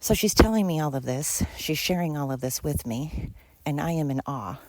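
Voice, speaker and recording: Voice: mid-range voice, animated, moderate pace, a little mellow, no room sound. A podcast host telling a friend's story in a casual monologue, emphatic and repetitive, swearing freely.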